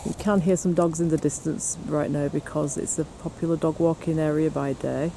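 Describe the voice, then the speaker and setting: Speaking on the high side with a creaky, mellow quality, a man narrates a casual outdoor vlog as a paranormal investigator. He keeps a steady tone and moderate pace while chatting and teasing directly to camera on a windy hill and in the woods. The audio carries faint wind and outdoor noise.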